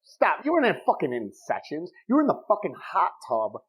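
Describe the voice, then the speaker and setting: Animated, swearing man telling stories. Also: on the high side, fairly quick, slightly rough, low-quality recording. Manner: profane, joking, animated storyteller. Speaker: podcast co-host. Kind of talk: casual podcast storytelling.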